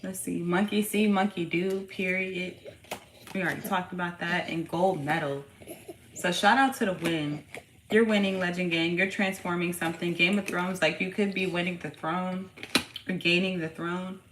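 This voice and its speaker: At home, with her young son nearby, a woman who reads tarot and hosts a channel does a casual reading for her viewers in slangy, profane, hyped-up language. Her voice is fairly low with fairly even intonation at a moderate pace, and the room adds echo along with faint background noise.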